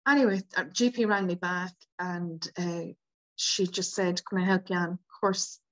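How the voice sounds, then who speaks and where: This woman's voice is fairly low and steady, moving at a moderate pace. In her fifties and a guest on a podcast, she tells her story with open emotion, occasional tears and many "like" fillers.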